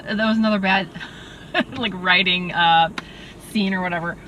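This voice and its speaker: A woman's voice: fairly low pitch, muffled recording, a little hiss or hum. A woman co-hosting a podcast in a car, chatting casually and with exasperation about a movie, full of "like" asides. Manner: animated, exasperated, quick asides with "like". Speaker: podcast co-host. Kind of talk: casual movie review chat. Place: inside a car.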